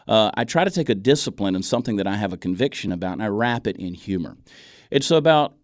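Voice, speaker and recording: A man from Georgia with a softened Southern accent, telling stories as a guest in a radio studio interview. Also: on the low side, fast, no echo. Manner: animated storyteller, folksy. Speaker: guest, comedian and video creator.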